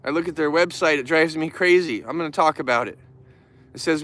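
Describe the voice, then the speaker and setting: A man's voice: fairly high pitch, brisk, fairly bright tone. A man vlogging casually to the camera about his bears, in an emotional, rambling and earnest way, at times turning bitter and heated. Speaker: vlogger who keeps bears.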